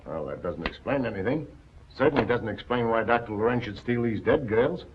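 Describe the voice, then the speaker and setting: An actor as a blustery, impatient newspaper editor from a 1940s film, brusque and dismissive. His pitch leaps around as he pushes back. The sound is muffled and lo-fi, like an old film print. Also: expressive, fairly quick, background noise, lightly acted.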